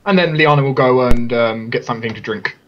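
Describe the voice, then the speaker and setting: A man's voice: medium pitch, a little fast, lo-fi sound. A man running a tabletop game as game master, explaining rules and often stumbling and restarting his sentences. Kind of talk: narrating a tabletop game online.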